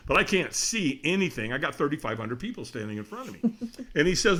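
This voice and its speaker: Animated middle-aged man telling a story. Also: on the high side, fast talker. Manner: lively storyteller acting out quoted voices, laughs often. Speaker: podcast guest.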